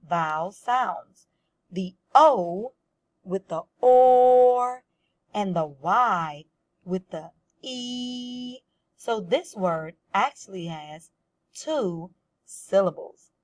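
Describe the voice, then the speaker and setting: A woman's voice: lowish voice, lively intonation, takes it slowly. A woman teaching a first-grade reading lesson, patiently sounding out words and guiding young children step by step.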